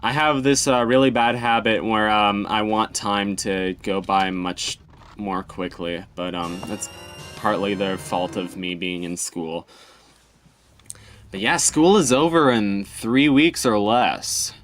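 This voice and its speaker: A young man with a low voice chats loosely over gameplay as host of a let's play. He rambles and hesitates, filling gaps with ums, while faint music runs underneath. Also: fairly even intonation, takes it slowly, fairly bright tone. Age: young adult. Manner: rambling, self-deprecating, many ums. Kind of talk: casual gameplay commentary.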